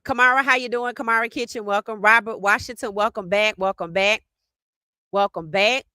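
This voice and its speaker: A woman hosting a casual live sports podcast, talking in an animated, teasing way and greeting chat viewers by name. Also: mid-range voice, normal speed, clean tone, dry recording.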